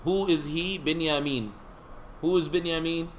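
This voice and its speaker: Higher-voiced man teaching a class. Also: a little slow, slight background noise, poor audio. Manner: conversational, quizzes students, joking asides. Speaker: seminary teacher. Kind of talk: classroom lecture.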